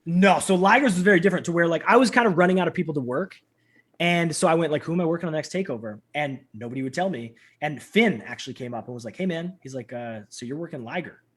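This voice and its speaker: A man in his thirties, a guest telling stories in a casual interview, animated and acting out quoted lines. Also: fast, husky. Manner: animated, acts out quotes with big pitch jumps.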